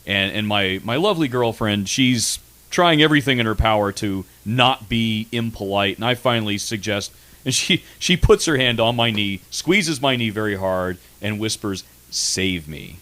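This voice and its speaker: A man's voice: fairly low pitch, normal speed, fairly bright tone. A man hosting a radio comedy show, chatting in a crude, mocking, rambling way with lots of restarts. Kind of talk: casual comedic chat. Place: radio studio.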